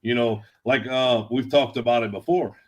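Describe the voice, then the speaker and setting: A man chatting as a guest, laid-back, telling animated stories. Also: mid-range voice, moderate pace. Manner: laid-back drawl, animated storyteller who acts out quotes. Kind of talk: casual storytelling chat.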